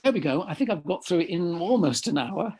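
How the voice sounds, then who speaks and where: A slightly hoarse man giving a discursive lecture over a video call, often correcting himself mid-sentence. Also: high voice, lively intonation, fairly quick, darkish tone.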